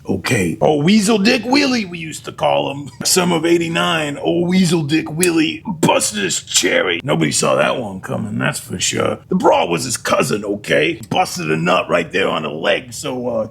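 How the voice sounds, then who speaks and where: A man's voice: a little high, vocal fry, slight background noise. A man playing a bitter, crude divorced father who rants and swears at his kid in a comedy sketch. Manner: crude, ranting, exasperated, swearing. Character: angry bitter divorced middle-aged dad, crude. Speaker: comedic POV character sketch.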